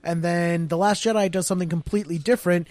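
Emphatic man with a fairly high voice. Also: fairly even intonation, quick pace, a little mellow, no echo. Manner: emphatic, contrarian, interrupts. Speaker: podcast co-host. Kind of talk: casual chat.

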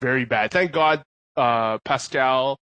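A man's voice: mid-range voice, slow pace, pushed and bright, clean tone, no echo, lo-fi sound. A man spins a loose, rambling story with plenty of laughter and restarts. His voice sits mid-range and sounds close and dry. There is no room sound around him. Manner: rambling, laughs often, many fillers and restarts. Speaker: podcast co-host. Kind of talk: casual storytelling chat.

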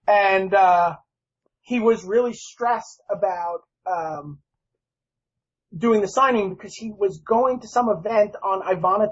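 A man in casual podcast chat, an animated storyteller who laughs often. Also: sits high, breathy edge. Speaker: podcast guest. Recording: dull, lo-fi sound.

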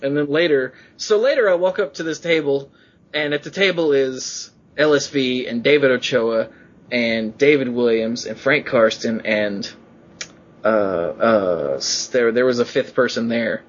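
A man hosting a podcast, chatting casually and telling excited stories in which he acts out quotes in a rising voice. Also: medium pitch, a little slow, lo-fi sound, a little hiss or hum. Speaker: podcast host.

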